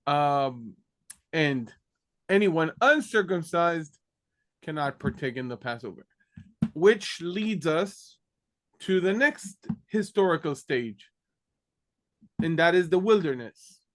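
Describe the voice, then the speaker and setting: A man teaching a Bible class, explaining slowly and often pausing with "okay". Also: fairly high pitch, lively intonation, fairly bright tone. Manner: slow, explanatory, fills pauses with "okay". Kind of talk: online lecture.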